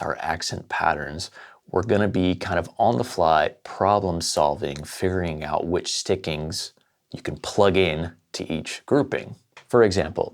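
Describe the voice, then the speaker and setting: A man with a very low, gravelly voice teaches a casual drum lesson. He walks through sticking patterns step by step and counts the beats out loud, in a relaxed, informal way. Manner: explains step by step, counts aloud.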